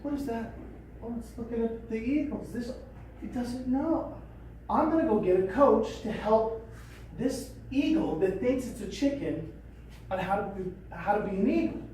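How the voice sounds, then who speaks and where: A woman's voice: a little high, expressive, moderate pace, warm tone, a little hiss or hum, close to an everyday voice. A woman playing a puzzled male farmer. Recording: echoey room from a distance.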